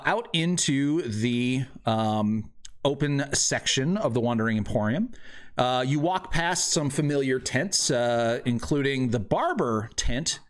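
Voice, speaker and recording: A man narrating a tabletop game as game master, loose and rambling, with lots of fillers. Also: medium pitch.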